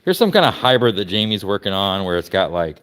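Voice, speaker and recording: A man's voice: on the low side, very animated, fast talker, a bit bright, smooth, long reverb tail. A man from Florida casually chatting through a garage walkaround, rambling with lots of fillers and restarts. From Florida, United States. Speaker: vlogger showing his car collection. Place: garage workshop.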